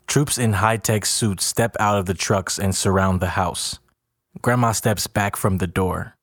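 A man narrating a story in a plain, steady way. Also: low-pitched, a little slow, no room sound, studio quality.

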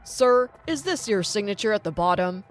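A woman's voice: medium pitch, expressive, normal speed, voice pushed down, natural voice. A woman voicing a formal, firm male police officer.

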